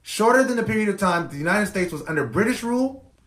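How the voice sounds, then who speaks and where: Impassioned high-voiced man in an echoey room. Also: lively intonation, quick pace, fairly bright tone. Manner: impassioned, emphatic, repetitive for effect. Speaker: podcast host. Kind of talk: monologue commentary.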